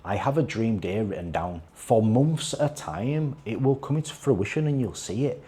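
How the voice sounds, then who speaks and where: A man's voice: fairly low pitch, lively intonation, normal speed, dark tone. A man speaking as a fitness and life coach in a motivational vlog, earnest and repetitive in his urging. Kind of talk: motivational talking-to-camera vlog.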